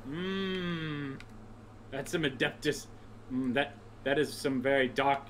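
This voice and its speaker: A mid-pitched voice chats casually alongside a game being played. The humor is crude and teasing, full of offhand stories and jabs. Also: flat delivery, moderate pace, slight background noise. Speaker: co-commentator friend. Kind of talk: casual gaming chat.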